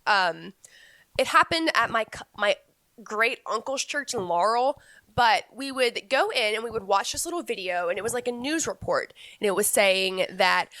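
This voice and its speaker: A woman's voice: on the high side, expressive, moderate pace, sharp tone, no room sound. Chatty young woman co-hosting a podcast. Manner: chatty, frank, laughs often. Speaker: podcast co-host. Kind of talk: casual podcast chat.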